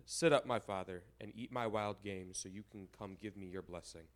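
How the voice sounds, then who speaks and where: A man's voice: on the low side, normal speed, natural voice. A man reading the lines of a grown son who begs his father for a blessing, in a plain scripture-reading voice. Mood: pleading. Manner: plain read-aloud delivery. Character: grown son, bitter and pleading.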